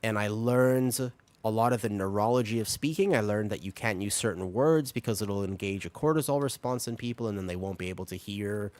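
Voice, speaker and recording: Low-voiced male streamer, dry close mic. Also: no echo. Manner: explains patiently, lively and talkative, laughs often. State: a little sick. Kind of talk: casual chat with stream chat while gaming.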